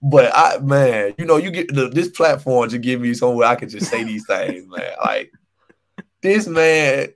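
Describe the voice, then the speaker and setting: A man's voice: medium pitch, expressive, moderate pace, gravelly. A young man co-hosting a casual sports podcast, ranting animatedly and repeating his points for emphasis. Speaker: podcast co-host.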